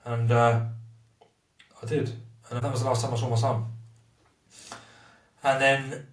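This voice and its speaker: A man's voice: mid-range voice, little pitch movement, measured pace, echoey room, far from the mic. A man, talking candidly as an interview guest about his recovery from addiction, blunt and rambling with heavy swearing.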